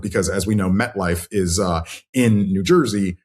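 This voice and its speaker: A man with a fairly low voice rambles on in animated exasperation. He sounds like a cohost in casual podcast banter. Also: normal speed.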